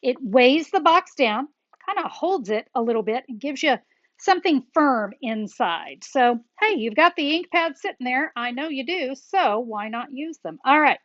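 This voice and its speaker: A woman with a high voice walks viewers through a crafting project step by step, chatty and upbeat, as if talking to friends. Her voice is recorded close and dry, with a slightly dull, lo-fi tone. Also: lively intonation, normal speed, fairly bright tone, dry recording. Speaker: card-making tutorial host.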